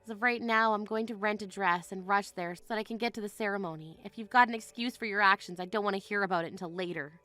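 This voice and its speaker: A woman's voice: mid-range voice, fast, hardly any pauses, pushed and bright, faint music behind, lightly acted. A woman voicing a wronged, resolute young bride in a text-message drama, speaking in a firm, indignant way. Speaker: voice actor.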